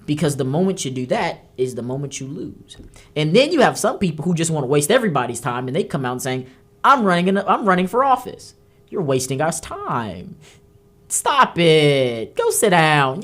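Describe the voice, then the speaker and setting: A woman's voice: deep voice, breathy edge. A woman hosting a political talk show, delivering heated commentary and scolding emphatically. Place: studio.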